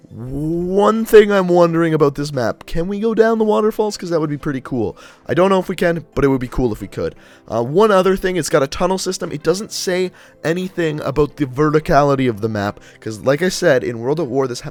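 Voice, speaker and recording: A young man hosting a gaming channel, chatting casually and upbeat through game news with rambling explanations. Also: on the high side.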